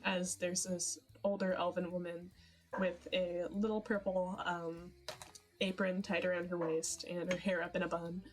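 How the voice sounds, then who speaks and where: A woman's voice: fairly low pitch, little pitch movement, measured pace. A young woman narrating a tabletop fantasy game as game master, hesitant with many fillers and frequent giggles. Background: background music.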